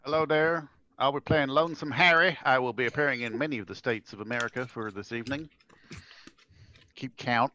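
A man introducing his gunslinger character at a tabletop game in a deadpan, joking way. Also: medium pitch, brisk, muffled recording, slight background noise. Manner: deadpan, jokey. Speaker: player.

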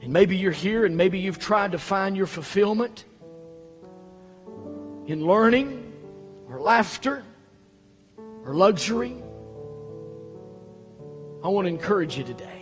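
A pastor preaching a sermon, dropping to quiet low reading and then rising to loud, high-pitched exhortation. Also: male voice, expressive, slow pace, long pauses, soft background music. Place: church sanctuary. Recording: echoey hall.

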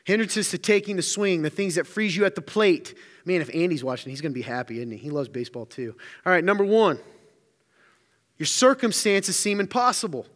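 Male pastor, energetic conversational sermon, slightly high voice, reverberant room. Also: fast talker, few pauses. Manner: energetic, joking, conversational preaching.

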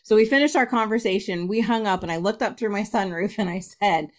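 A woman's voice: medium pitch, fairly quick. A middle-aged woman, a spiritualist medium and podcast guest, telling a personal story with lots of laughter and acted-out quotes. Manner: laughs often, acts out quoted voices.

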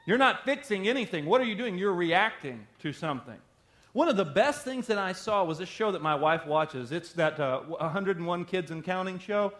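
A man's voice: high voice, very animated, normal speed, a bit bright. A middle-aged male pastor preaching a sermon in a conversational, emphatic way, often asking rhetorical questions.

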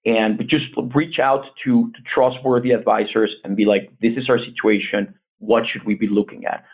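Male guest, earnest advisory tone, husky voice over a tinny phone-quality line. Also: on the low side, fairly even intonation, normal speed. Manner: earnest, advisory, frequent restarts. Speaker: investment bank CEO, guest. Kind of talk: conversational interview answers.

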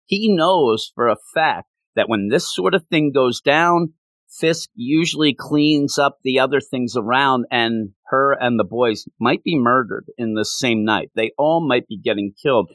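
A man recapping a story in a casual, animated way, chatty and full of asides. His voice sits in a middle pitch, and the sound is dry with no room echo. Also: a little slow. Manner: animated and chatty, with many fillers.

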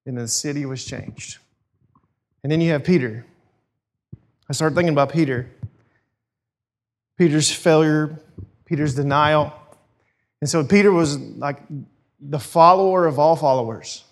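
A man's voice: on the high side, unhurried, gravelly, long pauses. A man preaching a sermon in a casual, storytelling way. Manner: conversational storytelling, animated. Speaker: pastor.

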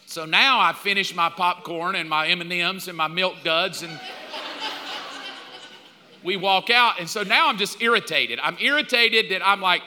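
A man in his fifties preaching a sermon, telling stories with animated, mock-outraged outbursts. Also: sits high, moderate pace, in a large hall. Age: 50s. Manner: animated storytelling, jumps up loud in mock outrage. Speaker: pastor.

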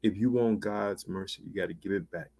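A man preaching a sermon with fervent emphasis, calling out to his listeners and swinging from loud exclamations to hushed near-whispers. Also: low-pitched, brisk, husky. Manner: fervent, emphatic, repetitive call-outs to listeners.

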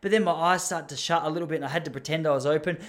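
A man's voice: a little high, steady tone, very fast. An Australian man in his thirties rambling and joking through a casual monologue, laughing often. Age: 30s.

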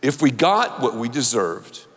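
A man preaching a sermon, animated and playful, leading the audience to repeat lines after him. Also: medium pitch, a little slow. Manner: animated, audience call-and-response. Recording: long hall reverb.

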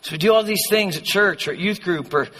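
A youth pastor preaching a conversational, passionate sermon in a church hall. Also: male voice, high voice, fast talker, sharp tone. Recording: long hall reverb.

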